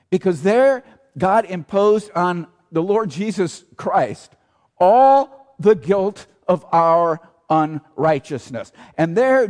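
Preaching with emphasis in a church sanctuary, a male pastor with a high, slightly mellow voice asks rhetorical questions and comes back to key phrases again and again. Long church reverb surrounds the recording.

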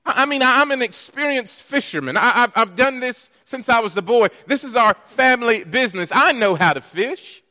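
A man's voice: high-pitched, animated, normal speed, hardly any pauses, pushed and bright. A man voicing an exasperated adult fisherman who stammers and sounds incredulous. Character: exasperated adult male fisherman, sarcastic and indignant. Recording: long church reverb.

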